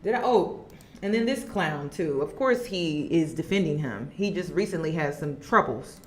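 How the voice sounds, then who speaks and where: A woman giving casual commentary to her viewers, animated and laughing as she talks. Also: deep voice, normal speed, a little hiss or hum. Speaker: commentary vlogger.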